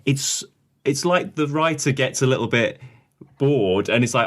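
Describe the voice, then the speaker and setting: A man's voice: mid-range voice, expressive, a little slow, fairly bright tone. A man co-hosting a casual podcast chat, easygoing and recapping scenes with little quoted bits. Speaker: podcast co-host.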